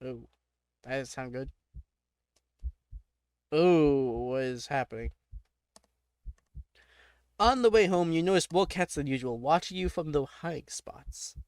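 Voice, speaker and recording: A man's voice: a little high, expressive, no room sound, clean studio sound. Young man reading a text game aloud. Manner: reads narration then reacts in quick, joking asides. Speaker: gamer.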